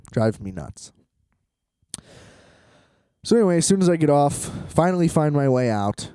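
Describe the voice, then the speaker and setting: A man's voice: on the high side, very animated, moderate pace, long pauses, warm tone, clean tone, no room sound, clean studio sound. A tired man rambling in a solo vlog from a hotel room, exasperated, swearing and laughing often. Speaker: vlogger.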